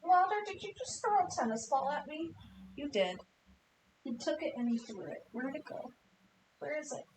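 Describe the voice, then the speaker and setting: A woman's voice: high-pitched, animated, moderate pace, a little mellow, roomy sound, slight background noise, poor audio. A woman hosting a knitting livestream, chatting with her dogs, laughing often. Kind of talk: casual chat with dogs and a guest.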